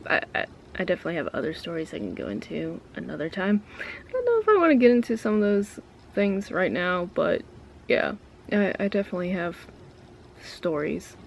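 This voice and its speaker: A woman's voice: fairly low pitch, big pitch swings, fairly quick, gravelly, slight background noise. A woman vlogger talking to camera in a casual, ranty way, blunt and full of swearing. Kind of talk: casual ranting vlog.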